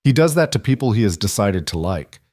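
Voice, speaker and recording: Composed crime boss, quiet authority, deep dry voice, read by a male narrator. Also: very animated, no echo. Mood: calm formal. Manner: formal, measured, dryly patient. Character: Luca, calm commanding mafia boss man.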